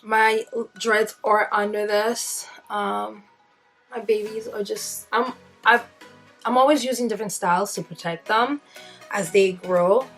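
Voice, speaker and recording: A woman's voice: mid-range voice, fairly even intonation, measured pace, fairly bright tone, faint music behind. Chatty woman doing a makeup tutorial. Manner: chatty, rambling, with fillers and self-deprecating asides. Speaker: beauty vlogger. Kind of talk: casual makeup tutorial chat.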